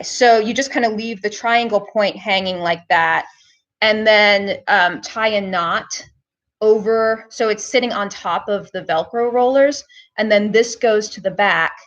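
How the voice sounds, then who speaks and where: Woman streamer, chatty tutorial host, talks straight to viewers, a bit dull lo-fi sound. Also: mid-range voice. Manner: chatty, filler-heavy, talks to viewers as "guys". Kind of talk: casual live-stream hair tutorial.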